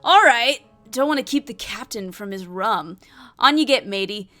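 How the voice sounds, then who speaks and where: A large, gruff ship's quartermaster bellows in hearty sailor talk, put on by a woman. The voice is pitched high and booming. Faint music plays underneath. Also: expressive, normal speed, bright, forceful tone. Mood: jovial.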